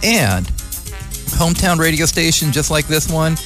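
A man from the North Bay hosts a community radio show, rambling and joking. His fairly high voice swings up and down in lively leaps. Faint music plays under his talk. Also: a little slow. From North Bay, California. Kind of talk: casual on-air monologue.

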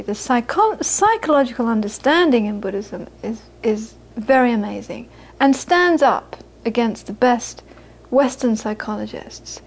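A woman's voice: on the high side, darkish tone. A British woman, a Buddhist teacher, giving a dharma talk to a live audience, earnest and repeating phrases for emphasis, with frequent laughter.

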